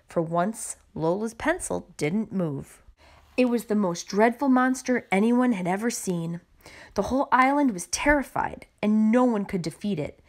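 A woman reading a children's picture book aloud with expressive narration. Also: mid-range voice, a little slow. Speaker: storybook reader.

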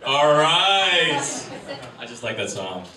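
A man's voice: on the high side, very animated, slow, music in the background. A man, doing a rambling, self-deprecating stand-up set in a comedy club. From Wisconsin, USA. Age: 30s. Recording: roomy live venue, distant mic, crowd ambience. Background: room noise and audience.

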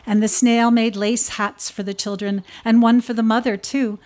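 A nervous woman speaking at a memorial service in a church, reading a children's story aloud with a few halting restarts. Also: fairly high pitch, level tone, a little mellow.

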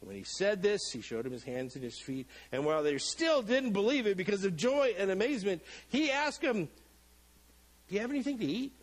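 A man's voice: sits high, big pitch swings, a little fast, poor audio. A middle-aged male pastor preaching a sermon in a church, joking and acting out the people in the story. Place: church sanctuary.

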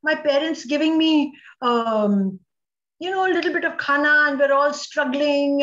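An Indian English woman delivers a motivational talk as a guest speaker, with a high, ringing voice. She speaks with dramatic emphasis and slips Hindi phrases into her English. The audio is roomy and echoey, with a muffled, lo-fi quality. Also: lively intonation, a little slow, a bit bright.

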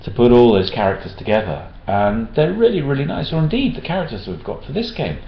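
A man's voice: medium pitch, sing-song, a little fast, creaky, a little hiss or hum. A man answering backer questions in a casual chat, hesitant, with many restarts. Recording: roomy dull-sounding room recording.

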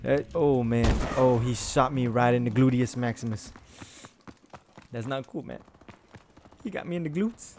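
A man's voice: mid-range voice, measured pace, pauses often, slight background noise. A man giving casual gameplay commentary, playfully taunting and trash-talking his opponents. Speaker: gaming channel host. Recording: loud game gunfire behind voice.

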